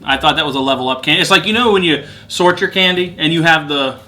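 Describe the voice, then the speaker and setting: Bright-voiced joking man. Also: on the high side, fast. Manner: playful, joking, laughs often. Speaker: vlog co-host. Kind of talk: casual candy-tasting chat.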